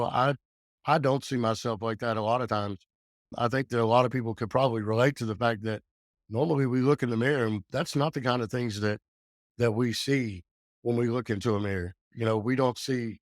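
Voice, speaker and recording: A man's voice: medium pitch, no echo, clean studio sound. A man in his forties speaking candidly as a podcast guest, earnest and open, with frequent fillers and restarts. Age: 40s. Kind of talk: casual podcast talk.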